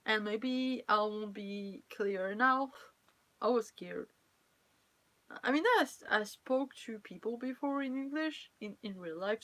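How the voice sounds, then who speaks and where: A woman's voice: mid-range voice, a bit bright. Young french girl rambling on her stream, playful and giggly, teasing chat. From France. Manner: chatty, playful, laughs often, teasing. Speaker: cosplayer streamer. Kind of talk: casual live-stream chat.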